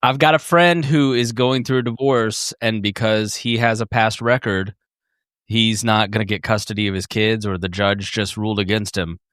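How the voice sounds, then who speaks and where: A man's voice: lowish voice, fairly even intonation, normal speed, a bit bright, dry recording. Easygoing man co-host, dry sound. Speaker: podcast co-host. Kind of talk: casual chat.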